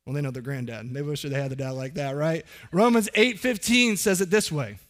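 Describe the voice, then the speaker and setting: A man's voice: fairly high pitch, brisk, fairly bright tone. A middle-aged man preaching a sermon as pastor, earnest and conversational, often putting questions to the congregation.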